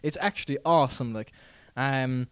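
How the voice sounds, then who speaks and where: A man's voice: mid-range voice, normal speed, smooth, no room sound. Laid-back Irish man, dry sound. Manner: laid-back, stumbling, agreeable. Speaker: podcast co-host. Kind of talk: casual banter.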